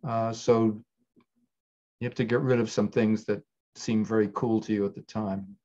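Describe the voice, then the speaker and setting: A man's voice: lowish voice, little pitch movement, normal speed, warm tone. Older man, writer-director guest, rambling thoughtful answers, dull lo-fi sound. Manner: thoughtful, digressive, with many restarts. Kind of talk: conversational interview answers.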